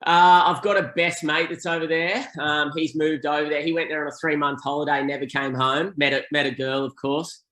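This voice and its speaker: A man's voice: on the high side, steady tone, brisk, hardly any pauses, sharp tone, roomy sound. A man from Australia with an Australian accent, a podcast guest in casual, laid-back chat who says mate a lot.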